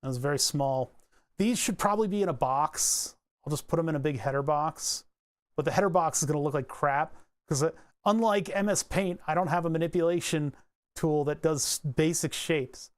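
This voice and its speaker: A man giving a casual electronics tutorial, thinking aloud as he traces a circuit board, rambling and joking and grumbling wryly about his software. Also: on the high side, moderate pace. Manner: rambling, joking, mutters while drawing. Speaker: electronics hobbyist explaining circuit tracing.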